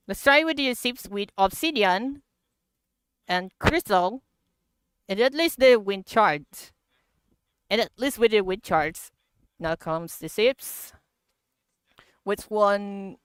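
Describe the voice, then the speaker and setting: A woman streaming a block-building game, talking through the update in slow, halting English with frequent laughter. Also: medium pitch, fairly bright tone, clear, resonant tone, no echo. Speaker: gaming livestreamer. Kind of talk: casual game commentary.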